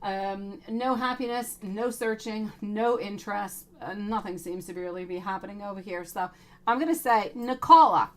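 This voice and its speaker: A woman's voice: mid-range voice, moderate pace, fairly bright tone. A woman in her thirties doing a live-streamed tarot reading, chatty and affectionate, calling her viewers sweetie. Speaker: tarot reader.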